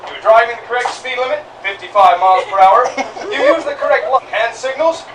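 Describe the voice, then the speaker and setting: A man's voice: extremely high pitch, fairly quick, crowd noise. A man playing an eager joke-telling mourner. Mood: polite. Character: mourner and police officer in comedy sketches. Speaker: sketch actor. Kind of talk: live sketch comedy performance. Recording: roomy far-off stage recording with noise.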